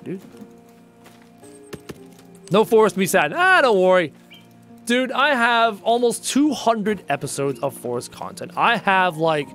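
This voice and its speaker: A man's voice: high-pitched, a bit bright. A young man streaming a survival game live, chatting casually with viewers and joking as he plays. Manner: casual, joking, addresses chat as dude.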